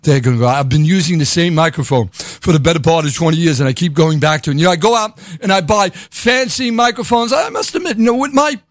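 A man's voice: a little high, fairly quick, few pauses, no room sound. An older man hosting a radio show from his home studio, rambling in a sardonic, grumbling way with the odd curse. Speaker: radio host. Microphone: dynamic studio microphone.

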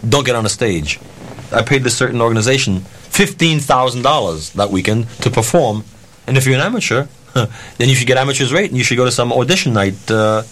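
A man, a concert promoter, telling a profane anecdote and acting out the dialogue. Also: medium pitch. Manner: animated, profane, acts out dialogue. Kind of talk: storytelling anecdote.

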